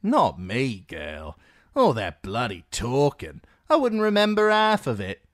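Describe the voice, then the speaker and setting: A man's voice: medium pitch, wildly swooping pitch, unhurried, fairly bright tone, no room sound, voice pushed up. A cocky young guardsman, smug and leering, his voice jumping up with swagger, as a male narrator acts him out. The read is dry and up close.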